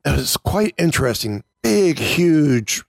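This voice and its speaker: A man's voice: on the high side, very animated, slow, creaky, dry recording, studio quality. A man co-hosting a podcast, chatting casually, rambling and breaking off with laughs. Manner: rambling, self-interrupting, laughs while talking. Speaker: podcast co-host. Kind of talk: casual chat.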